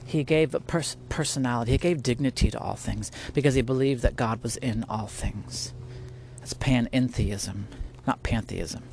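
A man's voice: medium pitch, moderate pace, darkish tone, a little hiss or hum. A man hosting a podcast, talking casually and earnestly about faith, rambling with restarts and laughing often. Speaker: podcast host. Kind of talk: casual spiritual talk. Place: at home, near spiders.

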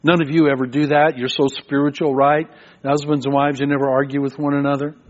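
An older man preaches to his congregation in a conversational, storytelling way, often repeating words as he goes. His voice sits somewhat high for a man. The recording is dull and lo-fi. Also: level tone, brisk. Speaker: pastor. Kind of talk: sermon. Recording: muffled, lo-fi sermon recording.

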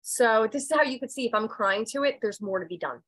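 A woman's voice: a little high, lively intonation, fairly quick, a bit bright, slightly rough, rough recording. Woman, podcast guest, candid personal story, blunt, swears, emotional swings in voice. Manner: emphatic and blunt, swears freely; raw and emotional, voice dropping and rising. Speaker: podcast guest, medium and intuitive.

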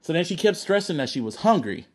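A man's voice: a little high, fast talker. A young man hosting a podcast, telling a story in a casual chat, laughing often, swearing and acting out what people said. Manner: animated, laughs often, swears, acts out quotes. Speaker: podcast co-host.

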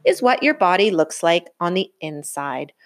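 A woman reading aloud and voicing a brisk, matter-of-fact female bear doctor. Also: fairly low pitch, very animated.

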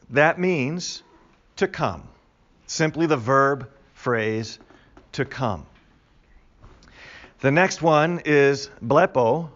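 A man's voice: medium pitch, a bit bright, highs cut off. Man teaching a Bible class. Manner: conversational, explains and repeats key words with emphasis. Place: classroom with a live group.

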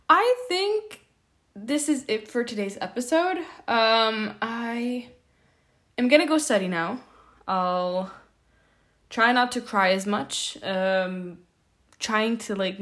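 A woman's voice: mid-range voice, a bit bright. Young woman podcast host, casual and jittery, rambling and self-deprecating. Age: young adult. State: nervous. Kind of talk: casual solo podcast update.

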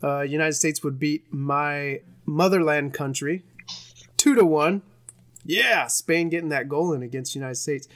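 Young male podcast co-host, casual sports recap, jokey and rambling, slightly higher voice. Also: a little slow, fairly bright tone. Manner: joking, rambling, with put-on bits.

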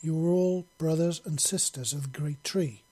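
A man reading an audiobook, voicing a steady male clan patriarch who speaks in a measured, persuasive way. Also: fairly high pitch, close to an everyday voice.

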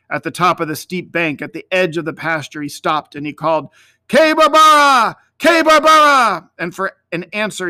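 Man, storyteller, bright and sharp voice, slightly high, dry close recording. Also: no room sound. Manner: measured, expressive storytelling. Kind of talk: reading a story aloud.

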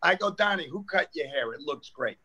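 A man's voice: fairly high pitch, fairly quick, husky, dull audio. An older man from New York, a comedian chatting casually and acting out the people in his stories. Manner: animated storyteller acting out quoted exchanges. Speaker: comedian guest. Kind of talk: casual storytelling chat.

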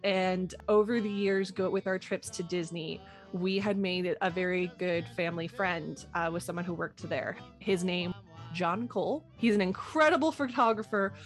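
A woman's voice: fairly low pitch, moderate pace, soft background music. A woman, co-hosting a podcast in casual chat, self-mocking and acting out quoted voices. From Canada. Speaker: podcast co-host.

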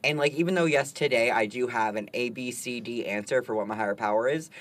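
A man's voice: medium pitch, quick pace, a bit bright. A man co-hosting a casual recovery talk, candid and self-deprecating, swearing and laughing easily. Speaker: podcast co-host.

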